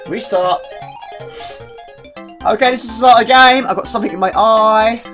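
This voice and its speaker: A woman's voice: a little high, moderate pace, a bit bright, faint music behind. A woman giving casual gameplay commentary as a video creator, chatty and self-mocking, often talking to herself.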